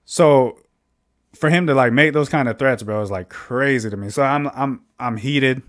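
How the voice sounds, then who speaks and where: A young adult man, a podcast co-host, telling a personal story in casual chat, heated and profane, loudly acting out his own lines as he goes. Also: mid-range voice, normal speed.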